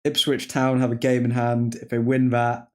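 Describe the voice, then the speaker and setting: A man's voice: medium pitch, completely flat delivery, normal speed. A man hosting a live football watchalong, chatting casually and rambling with frequent laughs and mock French phrases. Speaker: watchalong stream host. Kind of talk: casual live-stream chat.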